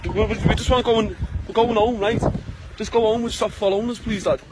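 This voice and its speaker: A man's voice: sits high, steady tone, fast talker. A young man filming himself on a city street at night, talking brashly and swearing as he pleads with someone to go home. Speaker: vlogger. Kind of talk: casual street vlog. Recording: loud street and traffic noise.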